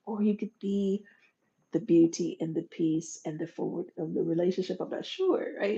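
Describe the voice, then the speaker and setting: A woman hosting a motivational monologue in a folksy, animated way, swinging from loud bursts to soft whispers. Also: on the low side, fairly quick. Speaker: podcast host. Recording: dull lo-fi recording.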